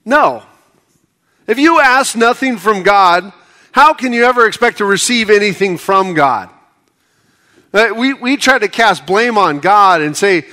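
A man's voice: high voice, lively intonation, moderate pace, sharp tone. A middle-aged American man preaching a sermon in a conversational way, with joking asides that build to impassioned appeals. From United States. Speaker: pastor.

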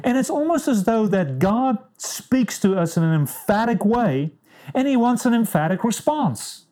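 A woman's voice: fairly high pitch, sing-song, unhurried, warm tone. A woman preaching a sermon in an emphatic way, stressing short clipped words. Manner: emphatic, clipped one-word commands.

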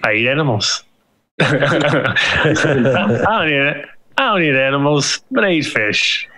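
A man co-hosting a casual podcast, tossing in quick jokey comments and questions. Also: mid-range voice, animated, pushed and bright. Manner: jokey interjections.

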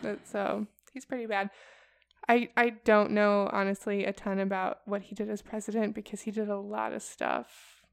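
Chatty young woman with a gravelly edge. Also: mid-range voice, flat delivery, normal speed, no echo. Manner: chatty and casual, heavy with fillers like "like" and "um". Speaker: podcast co-host presenting a report. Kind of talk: casual chat.

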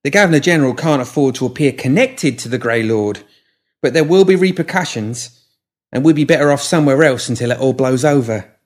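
A man voicing an excitable, chatty young woman who teases her friends. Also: medium pitch, fairly quick, pitched above the performer's own voice, natural voice. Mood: earnest. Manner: chatty, gushing, teasing.

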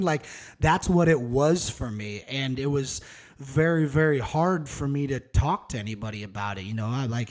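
A man's voice: mid-range voice, animated, moderate pace, darkish tone. Candid, cussing podcast man in his thirties. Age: 30s. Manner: candid, rambling, profane casual talk. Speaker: podcast host. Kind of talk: solo podcast monologue.

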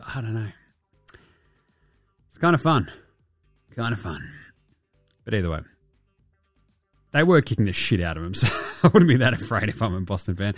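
A young Australian man talks basketball in a loose, joking way, swearing freely and rambling as he goes. His voice sits at a mid pitch and sounds dry and close to the mic, with faint music underneath. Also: dry recording. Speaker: basketball podcast host. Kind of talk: casual sports chat.

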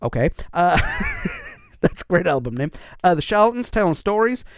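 A man hosting a podcast on his own, reading out listener lists in a casual, upbeat way with quick asides. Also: sits high, huge pitch swings, dry recording, clean studio sound. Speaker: podcast host. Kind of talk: casual solo podcast chat.

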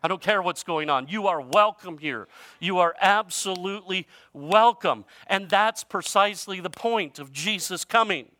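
With a voice that sits high and a normal speed, a male pastor preaches conversationally. His grammar is informal, and he moves from loud emphasis to softer, quiet passages.

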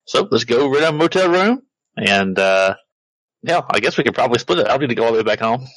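Quick, jokey man at a game table. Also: mid-range voice, lively intonation, a bit bright, no echo, rough recording. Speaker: tabletop player. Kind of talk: casual game talk, in character.

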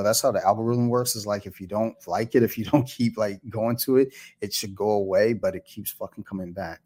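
A man with a slightly low voice, hosting a laid-back podcast conversation. He talks in an easygoing way, laughs often and swears casually. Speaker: podcast host.

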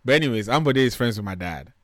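Animated, profane storyteller man. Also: mid-range voice, fast, no room sound, clean studio sound. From Nigeria. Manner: animated, profane, loud when retelling arguments. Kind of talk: casual storytelling chat.

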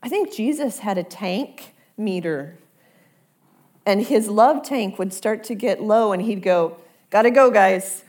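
A woman's voice: medium pitch, animated, measured pace, mellow. A woman preaching a conversational sermon, often repeating words as she builds toward a point.

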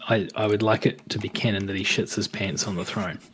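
A man playing a tabletop game, joking crudely as he describes his spell, with a husky voice. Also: lowish voice, fairly even intonation, a little fast, slight background noise. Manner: crude, jokey, laughing. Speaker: player.

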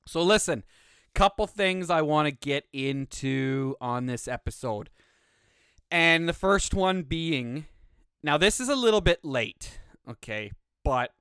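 Animated swearing podcast host. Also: male voice, a little high, slow pace, smooth, dry recording, clean studio sound. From Canada. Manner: blunt and heavily swearing, with animated rants. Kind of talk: casual profane storytelling.

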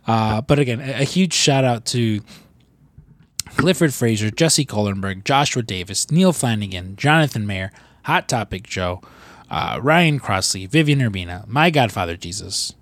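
A man co-hosting a podcast, talking in loose, profane, rambling banter with quick mock voices. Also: fairly low pitch, expressive, fairly bright tone, dry recording. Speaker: podcast co-host.

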